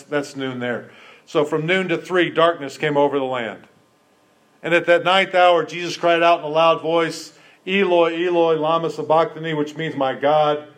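High-voiced pastor preaching. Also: male voice. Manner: storytelling, animated, asks the congregation questions. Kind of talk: sermon.

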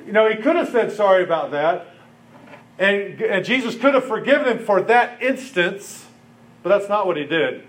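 Male pastor, sermon delivery, higher-pitched, animated, acts out quotes. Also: normal speed. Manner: animated preaching with acted-out quotes.

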